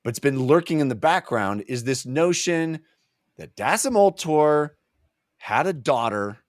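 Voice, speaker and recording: Animated man chatting about a book. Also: fairly high pitch, unhurried, no echo, clean studio sound. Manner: animated, jokey, acts out scenes. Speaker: book club co-host. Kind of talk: casual book discussion.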